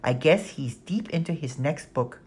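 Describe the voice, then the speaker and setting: A woman doing a brisk, wry young woman. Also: low voice, lively intonation, a little mellow, a little hiss or hum. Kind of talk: audiobook character voice.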